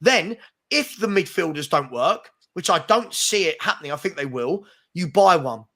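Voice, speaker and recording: Ranting bright-voiced man. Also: a little high, expressive, normal speed. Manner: ranting, insistent. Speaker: host. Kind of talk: heated football chat.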